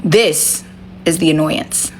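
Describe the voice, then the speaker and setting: Lower-pitched woman ranting on her phone live, blunt and sweary, faint hiss in the back. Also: slow pace. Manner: blunt, profane, talks straight to viewers. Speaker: livestream host. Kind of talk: casual livestream chat.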